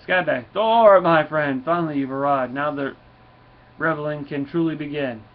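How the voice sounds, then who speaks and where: Drunken party dragon, read by a man, loud boasting, slightly higher pitch, muffled lo-fi audio. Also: moderate pace, lightly acted. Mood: boisterous. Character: drunken boisterous male dragon, rowdy. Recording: dull lo-fi with faint noise.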